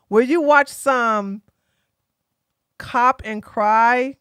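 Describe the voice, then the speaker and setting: A woman hosting a casual political live stream, excitable and mocking, with loud bursts of laughter. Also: a little high, slow pace, smooth, no echo, clean studio sound.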